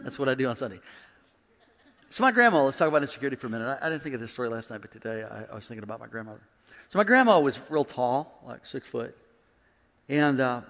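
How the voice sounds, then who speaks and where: A male pastor preaching a comedic sermon from the United States, swinging from hushed storytelling to loud shouted preaching in a large church auditorium. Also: sits high. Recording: long hall reverb.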